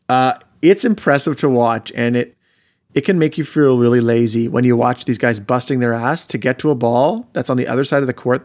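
A man's voice: medium pitch, a little mellow. A man hosting a casual podcast chat, friendly and easygoing, often restarting his sentences. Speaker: podcast host.

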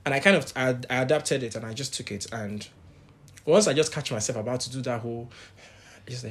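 A man talking candidly in a casual faith podcast chat, growing animated when he quotes others. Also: medium pitch, a little fast. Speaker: podcast co-host.

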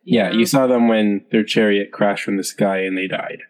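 Male game master, low voice, slow and halting narration, long reverb. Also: steady tone. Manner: unhurried, hesitant narration with many fillers.

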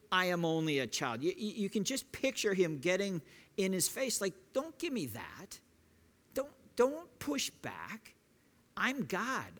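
A middle-aged man preaching a sermon in an earnest, deliberate way, often repeating words as he restarts. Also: fairly high pitch, a bit bright.

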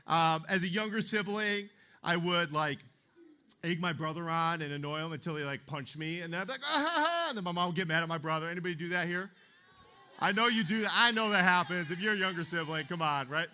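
Here the youth pastor's voice is a little high, bright, forceful, and clean, moving at a fairly quick pace. The young man keeps his sermon chatty, asking the room "okay?" and "right?" again and again.

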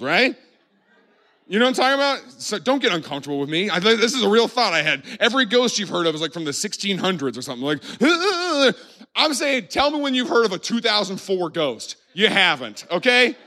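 Young guy doing stand-up, high bright voice, swings up and down a lot, cracks himself up. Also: brisk. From Bible Belt of the US. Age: 20s. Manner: animated, laughs at his own jokes, talks to the crowd. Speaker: stand-up comedian. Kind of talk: stand-up comedy set. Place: church hall with a live audience.

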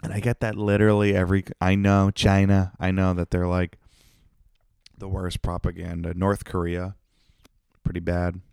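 A low-voiced man with a gravelly edge rambles through a solo podcast monologue. He swears constantly and jokes at his own expense. The sound is dry and close, with no room around it. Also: monotone, moderate pace, darkish tone, no room sound. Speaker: podcast host. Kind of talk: casual profane monologue.

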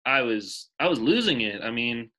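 A man's voice: medium pitch, sing-song, moderate pace, sharp tone, low-quality recording. A man in his twenties co-hosting a casual podcast chat, enthusiastic and emotional, rambling with restarts. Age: 20s. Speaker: podcast co-host.

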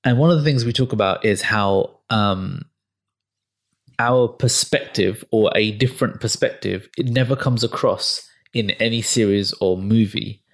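Fairly low-voiced man in a casual chat. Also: measured pace. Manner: opinionated, sarcastic asides, frequent ums. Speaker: podcast host.

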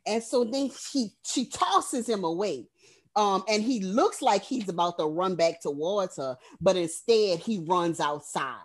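A woman's voice: medium pitch, expressive, a little slow. A woman co-hosting a podcast, recapping a horror film in casual, profane storytelling. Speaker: podcast co-host.

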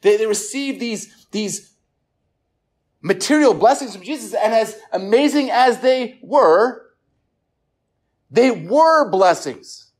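A pastor preaching a sermon to a gathered congregation. The delivery is earnest, often repeats words, and falls quiet for emphasis. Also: mid-range voice, animated, takes it slowly, pauses often. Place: church service room with listeners.

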